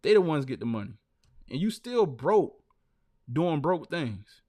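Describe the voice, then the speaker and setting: This live-stream host's voice is fairly high, sing-song, and mellow, and he speaks a little slowly. He chats casually and tells stories loosely, sprinkling "man" and "like" between phrases.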